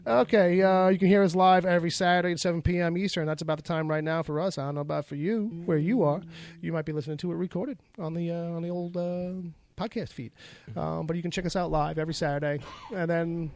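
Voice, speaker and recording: A man's voice: a little high, steady tone, quick pace, creaky, darkish tone, slight background noise. A man hosting a casual podcast, rambling and laughing often, repeating himself as he goes. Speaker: podcast host.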